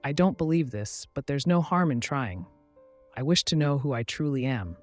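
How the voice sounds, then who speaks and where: A man's voice: medium pitch, lively intonation, moderate pace, soft background music, natural voice. A man voicing a baffled elderly man who has lost his memory, read evenly.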